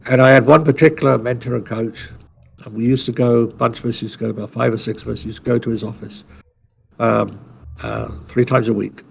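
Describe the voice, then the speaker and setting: A man co-hosting a podcast, his voice rough with a gravelly, fried edge. He tells his story in a loose, rambling way, salty and blunt, often restarting his sentences. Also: medium pitch, steady tone, brisk, darkish tone, a little hiss or hum. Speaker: podcast co-host.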